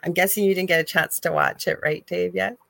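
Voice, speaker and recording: A woman's voice: fairly low pitch, steady tone, fairly quick, creaky, fairly bright tone, no room sound. A woman co-hosting a live talk show, telling a story with strong emotion and animation. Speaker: co-host. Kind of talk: live call-in chat.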